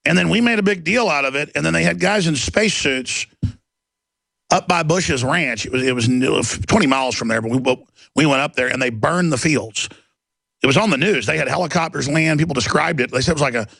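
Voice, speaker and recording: Gravelly ranting talk radio host man. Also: on the high side, a little fast, fairly bright tone, no room sound. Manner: ranting, storytelling, acts out quoted voices.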